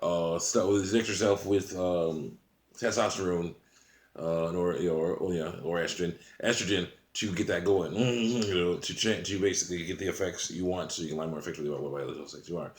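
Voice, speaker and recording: A man's voice: low-pitched, brisk. A man talking casually to camera in a rambling way, chuckling often between sentences. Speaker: channel host. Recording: roomy echo.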